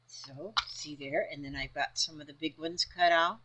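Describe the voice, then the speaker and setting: A woman's voice: low-pitched, steady tone, moderate pace, a bit bright, slight background noise, poor audio. A woman chatting casually about her quilting fabric, rambling and talking half to herself. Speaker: crafting vlogger. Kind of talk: casual crafting vlog.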